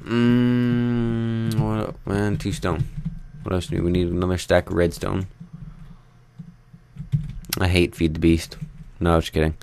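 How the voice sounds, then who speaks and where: A young man with a low, gravelly voice talks his way through a building session in an unhurried, rambling way. He mutters counts under his breath, jokes at his own expense and asks his viewers for feedback, with keyboard clicks from his desk. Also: little pitch movement, a little mellow, a little hiss or hum. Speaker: Minecraft let's play host. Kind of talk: casual gameplay commentary.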